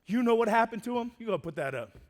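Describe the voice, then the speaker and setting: Animated high-voiced male preacher. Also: quick pace, heavy background noise. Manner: animated, swings from loud to hushed. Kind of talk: storytelling sermon. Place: church.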